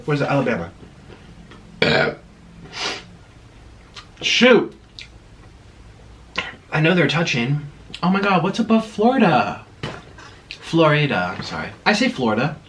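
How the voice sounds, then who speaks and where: A man's voice: on the high side, a bit bright, a little hiss or hum. Chatty man rambling over a meal. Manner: chatty, rambling, laughs at himself. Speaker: mukbang vlogger. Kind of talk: casual chat while eating.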